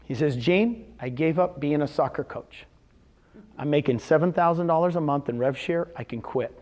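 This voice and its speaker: A man giving a live seminar talk to real estate agents, telling success stories and firing questions at the audience. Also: fairly high pitch. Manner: animated, storytelling with quick questions to the audience. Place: meeting room with a live audience.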